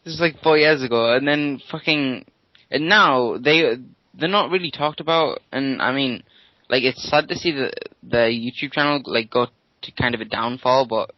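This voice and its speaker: A young British man from the United Kingdom co-hosts a podcast, chatting casually, teasing, swearing and often restarting his sentences. His voice is mid-range at normal speed, with no room sound, though the mic has a dull, lo-fi quality.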